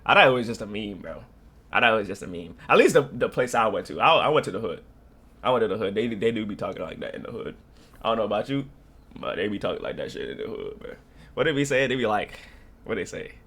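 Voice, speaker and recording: Lively young man rambling in reaction commentary. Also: on the low side, fast, slightly rough. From North Carolina. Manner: rambling, slangy, laughing storyteller. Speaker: reaction streamer.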